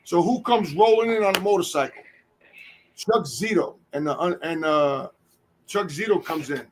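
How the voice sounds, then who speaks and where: A man's voice: a little high, moderate pace, a crowd in the background. A man on a podcast telling a long, profane story in casual chat, acting out what people said. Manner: animated, profane, acts out quotes.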